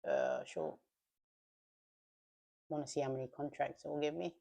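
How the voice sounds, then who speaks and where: Woman, day trader, live trading commentary, thinking aloud, deep voice, rough fry. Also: wildly swooping pitch, moderate pace, warm tone. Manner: thinks aloud, talks to herself, slangy quips.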